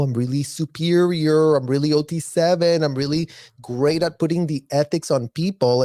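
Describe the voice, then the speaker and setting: Dry, mellow-voiced mocking male commentator. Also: mid-range voice, no room sound. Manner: mocking and indignant, mimics others. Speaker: commentary vlogger. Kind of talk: critical commentary video.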